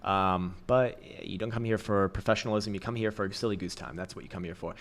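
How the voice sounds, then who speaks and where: Profane, blunt crypto stream host. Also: male voice, fairly low pitch, fairly even intonation, a little fast, few pauses. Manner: profane, blunt, laughing, rambling. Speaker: crypto trading livestream host. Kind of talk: casual livestream chart commentary.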